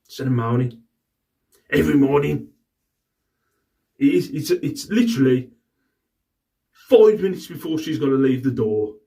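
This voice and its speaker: A man's voice: medium pitch, animated, normal speed, vocal fry, long pauses, mellow, recorded from a distance. A middle-aged man, casually rambling to camera about his day and his resale finds, exasperated and swearing freely. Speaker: reseller vlogger. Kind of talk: casual vlog chat.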